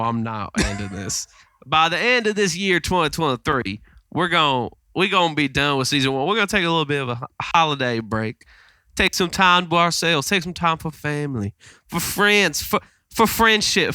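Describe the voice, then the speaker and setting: A man's voice: fairly high pitch, very animated, normal speed, bright, forceful tone, smooth, no room sound. A man co-hosting a podcast in casual chat, playful and joking, slipping in and out of a mock country drawl, talking into a handheld mic. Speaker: podcast co-host. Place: theatre green room.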